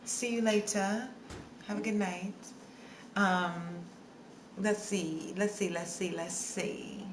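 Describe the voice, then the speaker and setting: A young woman hosts a casual livestream, speaking slowly at a medium pitch with fairly even intonation. She chats loosely and scatteredly with viewers, reads their comments, and answers song requests by singing snippets. The room sounds roomy, with faint ambient noise.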